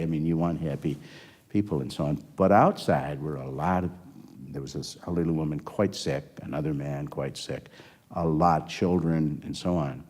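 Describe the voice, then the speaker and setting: A man's voice: a bass voice, a little mellow. An older man, a former health system executive, telling a long story in an interview, rambling and acting out the dialogue. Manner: rambling anecdotal, acts out quoted dialogue.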